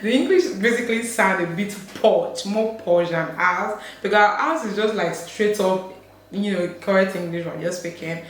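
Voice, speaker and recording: A woman's voice: mid-range voice, moderate pace. A young woman from Nigeria with a Delta Nigerian accent, chatting casually to camera, laughing often and acting out voices she quotes. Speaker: vlogger. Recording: very echoey room, faint background hum.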